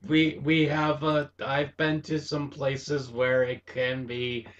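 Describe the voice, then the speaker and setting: Male host, from Wisconsin, unhurried delivery, excitable and gushing, laughs easily. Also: medium pitch, lo-fi sound, a little hiss or hum. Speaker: show host reviewing a cartoon episode. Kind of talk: casual review chat.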